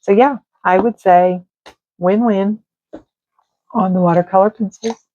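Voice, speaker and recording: A woman's voice: medium pitch, steady tone, a little slow. A woman, chatting and rambling casually while she colors, sometimes drifting into murmurs. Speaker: art channel host. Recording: tinny phone-like dry sound.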